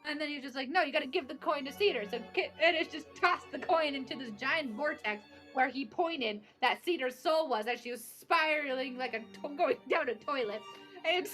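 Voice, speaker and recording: Young woman, high bright voice, bubbly recap of a tabletop session, faint music underneath. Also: normal speed. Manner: bubbly, laughing, acting out bits of dialogue. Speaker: player recapping a tabletop campaign. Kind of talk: casual recap chat.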